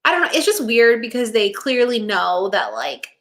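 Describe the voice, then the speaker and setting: A woman's voice: a little high, very animated, moderate pace, fairly bright tone. A woman co-hosting a podcast, chatting casually and animatedly about a TV show and leaning on "like" and "it's so funny.". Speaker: podcast co-host. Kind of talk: casual chat recapping a TV show.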